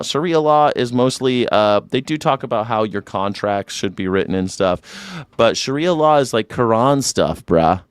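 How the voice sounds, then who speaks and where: A man's voice: on the low side, a little slow, clean tone, dry recording. A man hosting a live news reaction show, talking in a sarcastic, irreverent way and swearing freely.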